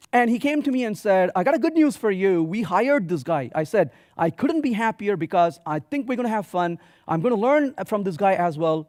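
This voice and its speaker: A man giving a software conference talk, telling stories with quoted dialogue in an animated way. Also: sits high, no echo, studio quality. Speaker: conference speaker. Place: conference hall stage.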